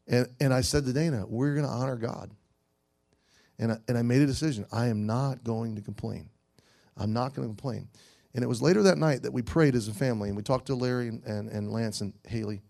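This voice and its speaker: A middle-aged man preaching a sermon to teenagers, earnest, swinging between loud exhortation and hushed storytelling. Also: medium pitch, vocal fry. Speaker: youth pastor.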